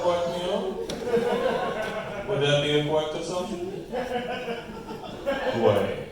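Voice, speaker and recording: A comedian on a live comedy stage, playing a pompous, self-satisfied male TV auteur with a slow, deadpan manner. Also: mid-range voice. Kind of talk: live stand-up character bit. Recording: echoey club room, voice from far off the mic.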